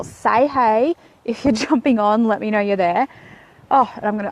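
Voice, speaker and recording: An Australian woman in her thirties talks casually and playfully into her phone as she walks. Her voice is of middle pitch, and she speaks outdoors in the shade. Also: moderate pace. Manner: chatty and playful, walking while talking. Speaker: vlogger. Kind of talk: casual Facebook live chat.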